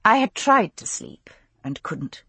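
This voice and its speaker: A woman narrating a novel in the first person, in an expressive, intimate storytelling manner. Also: mid-range voice, unhurried, breathy edge, no room sound. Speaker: audiobook narrator.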